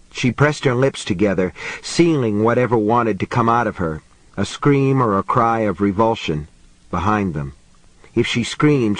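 Male audiobook reader for horror, measured pacing, low register, dry booth sound. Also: dry recording. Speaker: audiobook narrator. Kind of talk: scripted horror narration.

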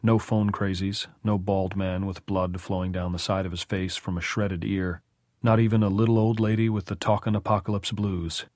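A man narrating an audiobook in measured, even storytelling. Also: sits low, dry recording, studio quality. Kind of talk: scripted narration.

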